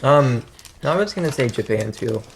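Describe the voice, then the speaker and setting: A young man guesting on a podcast, relaxed and a little hesitant, with many pauses. His voice is at a middle pitch, with faint background noise. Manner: laid-back, hesitant. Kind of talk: casual chat.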